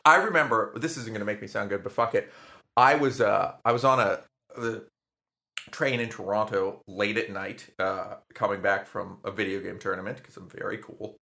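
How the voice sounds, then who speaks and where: A young man co-hosting a casual podcast chat, telling stories in an animated, profane way. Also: on the low side, moderate pace, creaky. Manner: animated, profane storytelling with frequent laughs.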